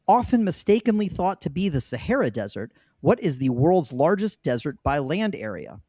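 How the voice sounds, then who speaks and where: A man hosts a trivia podcast in a loose, joking way and laughs often between questions. His voice sits a little high and swings through a lively pitch range. The sound is close and dry, with no room around it. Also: moderate pace, dry recording. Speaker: trivia quiz host. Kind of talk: casual podcast quiz hosting.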